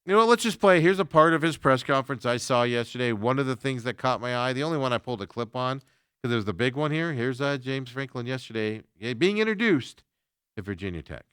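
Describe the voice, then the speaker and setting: A man's voice: medium pitch, expressive, fast, fairly bright tone, clean tone, no room sound, studio quality. A man hosting a sports talk show, chatting casually with lots of fillers as he reacts to viewer comments.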